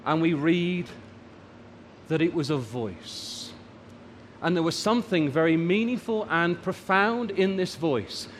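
A man delivers a sermon in a high, lively voice that climbs and drops for emphasis, stretching out the words he wants to land. His voice carries a long echo from a large hall. A faint murmur of room noise sits behind it. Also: takes it slowly. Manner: rises and falls for emphasis, draws out key words. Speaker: preacher.

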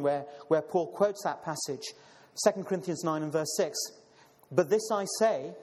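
Guy preaching, bit high voice, lots of ums and restarts, long echo like a big hall. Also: a little mellow. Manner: addresses listeners as brothers and sisters; frequent fillers and repeated words. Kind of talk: sermon with scripture reading.

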